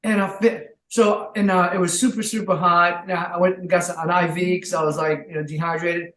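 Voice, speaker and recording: High-voiced earnest man in a roomy space. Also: a little fast. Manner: earnest, faith-filled storytelling with bursts of excitement. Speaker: podcast guest, triathlete. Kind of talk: casual interview chat. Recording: roomy echo.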